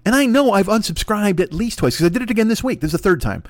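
A podcast host in his fifties rants alone at a desk in a solo comedic rant, rambling, exasperated, and swearing constantly. His voice sits high and sing-song, and he talks fast. There's no room sound.

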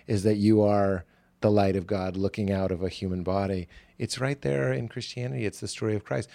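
Gravelly, dark-voiced man reflecting earnestly. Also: on the low side. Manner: earnest, reflective, open about himself. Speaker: podcast host and author. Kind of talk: casual conversation.

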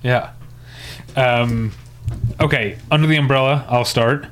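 A man's voice: mid-range voice, fairly even intonation, measured pace, fairly bright tone. Wheezy man chatting on a podcast. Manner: rambling, with many fillers. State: wheezing after a hard workout. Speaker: podcast co-host. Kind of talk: casual chat comparing TV episodes.

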